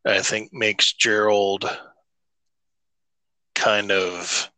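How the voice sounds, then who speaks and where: A man's voice: on the low side, little pitch movement, very slow, bright, forceful tone, no echo. A man co-hosting a podcast in casual chat, rambling with many restarts and some swearing. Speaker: podcast co-host.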